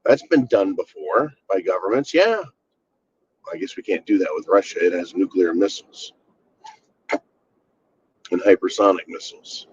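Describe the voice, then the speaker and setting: A man's voice: low voice, slightly rough, dry recording, muffled recording. A man hosting his own channel, ranting bluntly and with exasperation, swearing freely. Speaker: channel host. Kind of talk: casual political rant.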